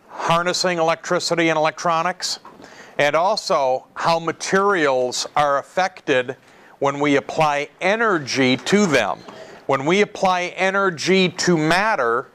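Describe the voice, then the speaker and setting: A man's voice: on the high side, a bit bright, clean tone. Man giving a casual classroom lecture. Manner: conversational, repeats key terms, asks students questions. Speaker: college electronics lecturer.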